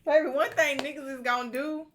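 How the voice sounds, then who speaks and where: A woman chatting on a podcast, animated, with loud outbursts and quiet asides. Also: high-pitched, fairly quick, a little hiss or hum. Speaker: podcast co-host. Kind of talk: casual chat.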